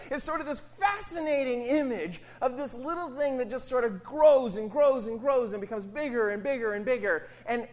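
A pastor preaching in a casual, conversational way, often checking in with the listeners by asking "right?". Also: medium pitch. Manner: animated, often asks "right?". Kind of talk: conversational sermon.

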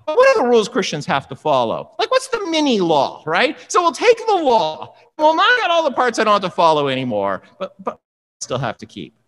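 Animated preacher in a reverberant hall. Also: medium pitch, fairly quick. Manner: animated, conversational, acts out dialogue. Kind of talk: sermon.

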